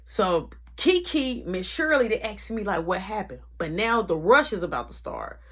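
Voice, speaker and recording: A woman in a casual storytime vlog, talking in an animated, slangy way. She keeps breaking into the voices of the people in her story as she goes. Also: medium pitch, moderate pace, husky.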